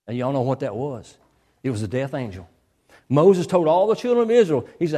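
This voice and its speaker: A man preaches with folksy emphasis, circling back to repeat the lines he wants to land. His voice sits a little high, with a soft, mellow tone. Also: expressive, a little fast, big-room sound. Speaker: pastor. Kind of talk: sermon.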